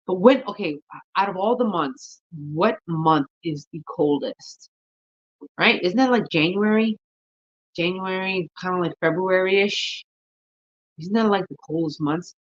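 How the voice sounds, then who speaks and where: A woman's voice: lowish voice, unhurried, lo-fi sound. A woman vlogging about gardening in a casual, rambling chat, thinking aloud and yawning often. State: sleepy, yawning.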